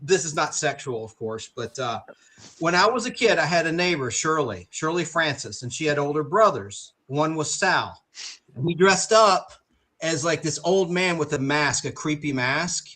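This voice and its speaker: A man's voice: a little high, expressive, moderate pace, sharp tone. A man chatting on a video call as a panel guest, telling frank personal stories with many restarts. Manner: frank storyteller, rambling with restarts. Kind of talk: casual chat.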